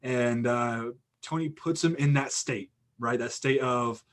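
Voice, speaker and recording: A man's voice: medium pitch, unhurried. A young man talks on a podcast in a loose, chatty way. He tells a story with a lot of energy, filling it with "like" and restarting his sentences as he goes. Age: young adult. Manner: animated anecdote with lots of "like" and restarts. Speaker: podcast guest. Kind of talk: casual storytelling.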